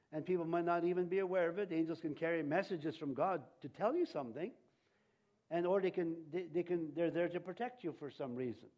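A man preaching a sermon as pastor, in a rambling, halting way with many restarts and fillers, chuckling between points. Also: fairly high pitch, darkish tone.

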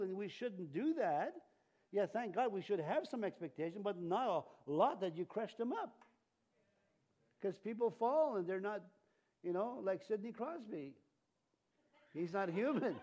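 A man with a high, light voice preaches a loose, conversational sermon in a church. He rambles, restarts his sentences and chuckles at his own jokes. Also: darkish tone. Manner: rambling, self-interrupting, chuckling often. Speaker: pastor. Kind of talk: informal sermon.

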